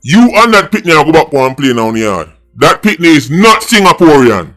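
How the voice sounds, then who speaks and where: A man's voice: on the high side, very animated, moderate pace, a bit bright, faint music behind. A middle-aged Jamaican man with a Jamaican accent, giving a blunt, mocking monologue as a political vlogger, mixing patois and English. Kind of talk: opinionated monologue.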